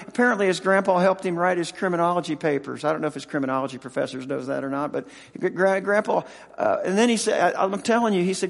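A man in his sixties preaches, telling a story in a halting, emotional way and often breaking off to start again. His voice sits a little high for a man. A long reverb trails after his words, as in a large hall. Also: creaky. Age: 60s. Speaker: pastor and football team chaplain. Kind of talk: sermon.

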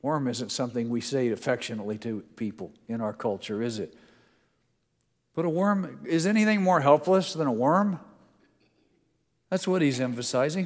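A middle-aged man delivers a sermon from the pulpit in an easy, conversational way, leaning into scripture when he reads it aloud. His voice sits at an ordinary male pitch. The sound carries a long reverb from the large room around him. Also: expressive, normal speed, long pauses. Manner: conversational preaching, reading scripture aloud with emphasis. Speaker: pastor.

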